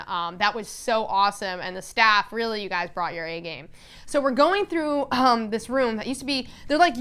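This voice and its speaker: A woman's voice: on the high side, fairly bright tone, clean tone. A woman vlogger telling an enthusiastic, casual story, full of "like" and fillers. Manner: enthusiastic, filler-heavy with lots of "like".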